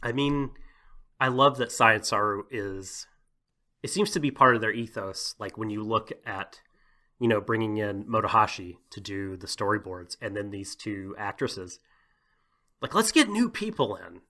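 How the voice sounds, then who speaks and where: A man's voice: fairly low pitch, steady tone, moderate pace, sharp tone. A man co-hosting a podcast, talking casually in a rambling way with lots of "like" and "you know" and frequent laughter. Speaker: podcast co-host.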